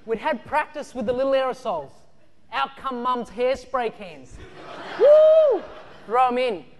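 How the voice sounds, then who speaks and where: Animated pastor in a reverberant hall. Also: male voice, very high voice, normal speed. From Australia. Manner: animated storytelling, shouts and laughs through childhood stories. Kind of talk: sermon.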